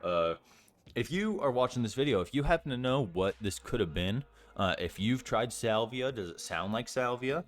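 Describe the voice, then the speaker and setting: In a casual vlog, a young man in early adulthood recounts a story, meandering, filling gaps with "um"s, and cursing freely. He speaks at a normal speed in an expressive mid-range voice.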